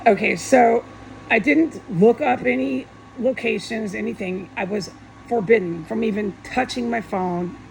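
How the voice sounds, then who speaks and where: A woman's voice: fairly high pitch, unhurried, creaky, a little hiss or hum, rough recording. A woman vlogger in a rambling monologue, agitated and swearing in heated outbursts.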